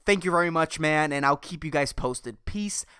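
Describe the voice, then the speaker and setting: A man's voice: on the high side, normal speed, bright, forceful tone, clear, resonant tone, no room sound, studio quality. A man hosting a solo podcast, rambling and ranting with lots of profanity. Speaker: podcast host. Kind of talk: casual solo podcast monologue.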